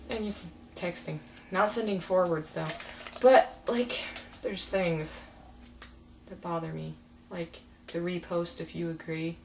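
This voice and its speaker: A young woman ranting casually to her webcam, animated and sarcastic, often breaking into mocking impressions. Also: medium pitch, takes it slowly, slight background noise. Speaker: vlogger. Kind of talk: casual rant to camera.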